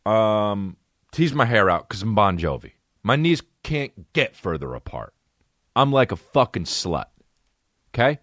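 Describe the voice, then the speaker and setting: A man in his thirties delivers a comedic podcast monologue, swearing freely and working himself up into an animated, pitch-climbing rant. The recording is close and dry, with no room around the voice. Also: slow, long pauses, dry recording. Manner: profane, ranting, rising to a high-pitched mock outrage. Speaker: podcast host.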